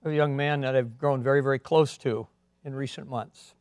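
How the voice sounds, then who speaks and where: A man preaching a sermon as a pastor, earnest, swinging between emphatic and quiet delivery. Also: mid-range voice, fairly even intonation, moderate pace, dry recording.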